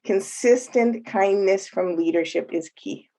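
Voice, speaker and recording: Brief: woman, mid-pitched, slow and deliberate webinar presenter who lists her points. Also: dark tone. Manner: measured, listing points one by one. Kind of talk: webinar talk.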